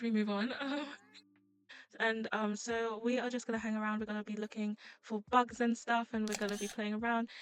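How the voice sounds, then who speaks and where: A young woman giving casual, rambling let's-play commentary, chatty and giggly with sudden excited squeals. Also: fairly high pitch, low-quality recording. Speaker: gaming YouTuber.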